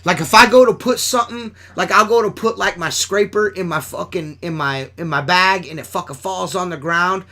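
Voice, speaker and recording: A man's voice: sits high, moderate pace, hardly any pauses, bright, forceful tone. A man hosting a podcast, chatting casually, laughing often and swearing constantly as he rambles. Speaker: podcast host. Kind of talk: casual profane chat.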